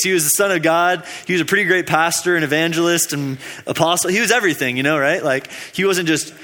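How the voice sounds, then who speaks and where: Chatty young preacher in an echoing hall. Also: male voice, a little high, pushed and bright. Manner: rambling and chatty, many fillers, laughs at his own jokes. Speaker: preacher giving a midweek teaching. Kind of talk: casual storytelling sermon.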